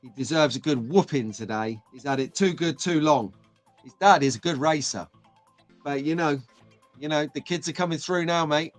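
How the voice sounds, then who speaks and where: A middle-aged British man hosting a casual live stream, chatty and excitable, greeting viewers by name. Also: fairly high pitch, moderate pace, faint music behind.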